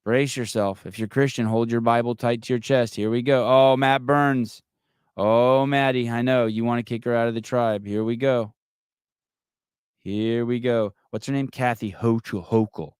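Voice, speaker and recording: A man's voice: medium pitch, fairly even intonation, moderate pace, darkish tone, smooth, no room sound, clean studio sound. A middle-aged man hosting a live call-in podcast, brash, mocking and profane in casual chat. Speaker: podcast host.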